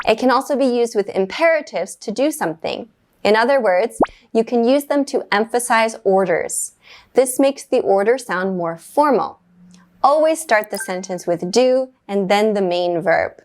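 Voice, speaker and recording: Teaching English grammar, a woman explains each point in a clear, measured manner and follows every exercise with a quick bit of cheerful praise. Her mid-range voice is animated, with a somewhat dark tone.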